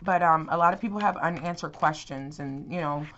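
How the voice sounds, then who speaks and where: Young woman, tarot vlogger, deep register, loose filler-heavy delivery, muffled home audio. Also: a little fast, fairly bright tone, a little hiss or hum. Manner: rambling, many fillers and restarts. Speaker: tarot reader. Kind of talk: casual tarot reading to camera.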